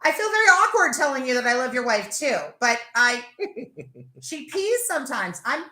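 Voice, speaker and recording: A woman hosting a casual live chat, talking fast and laughing as she tells stories. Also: high voice, big pitch swings, pushed and bright, roomy sound. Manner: chatty, laughing, tells stories with acted-out quotes. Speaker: livestream host.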